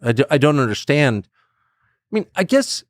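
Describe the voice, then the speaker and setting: A man's voice: unhurried, dry recording, clean studio sound. A man as a podcast guest, talking casually and rambling, with frequent restarts and chuckles. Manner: rambling, restarts and chuckles, lively swings in pitch. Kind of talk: casual conversation.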